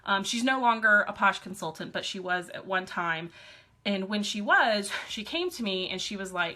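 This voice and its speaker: Bright-voiced chatty woman team leader. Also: mid-range voice, expressive, moderate pace. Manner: chatty, upbeat, sassy asides. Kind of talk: live-streamed team training talk.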